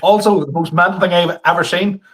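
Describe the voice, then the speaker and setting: A man's voice: sits high, fairly even intonation, fairly quick, crowd noise. A man, co-hosting a podcast in an easygoing, agreeable chat and laughing readily. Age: 30s. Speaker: podcast co-host and stand-up comedian. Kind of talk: casual chat.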